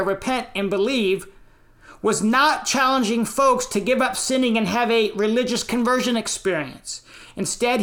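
An American man preaching a sermon in a measured, deliberate way, pausing between phrases. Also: sits high, a bit bright. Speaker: pastor.

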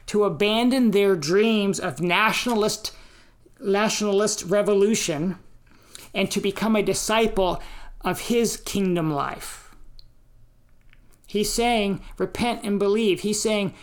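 American woman preacher, mid-pitched, unhurried, deliberate teaching sermon with emphatic quotations. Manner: slow, deliberate teaching delivery with emphatic quotes. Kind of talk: sermon on scripture and history.

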